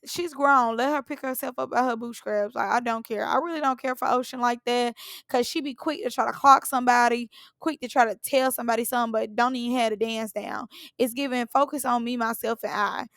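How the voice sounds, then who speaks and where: A woman's voice: fairly high pitch, fairly even intonation, brisk, creaky, a bit bright, no echo. A woman, giving a sassy, opinionated recap of a reality show in a casual, blunt way.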